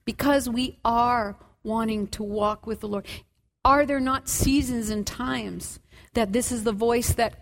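A woman preaches a sermon with a high, ringing voice. Her delivery is fervent and impassioned.

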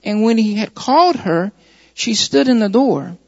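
Man, preacher, high gravelly voice, scripture reading and sermon, muffled recording, long hall echo. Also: animated, moderate pace, darkish tone. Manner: reads scripture, then preaches with repeated emphasis.

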